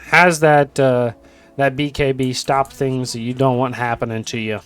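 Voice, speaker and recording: A man's voice: mid-range voice, fairly even intonation, moderate pace, clean tone, faint music behind. A man casting a video game match in a casual, rambling way with joking asides. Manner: rambling, joking asides, lots of "you know". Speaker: esports caster.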